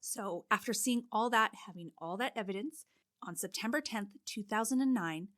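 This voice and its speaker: Recorded in a clean studio with no room sound, this woman's mid-range voice is animated, a bit bright, and moves at a normal speed. She's co-hosting a laid-back true-crime podcast, guiding the listener through a case step by step and filling her narration with frequent "like"s.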